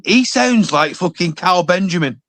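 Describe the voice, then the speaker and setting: A man's voice: high voice, lively intonation, normal speed, fairly bright tone, a little hiss or hum. A man on a livestream panel, joking and swearing in casual chat. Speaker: panel guest.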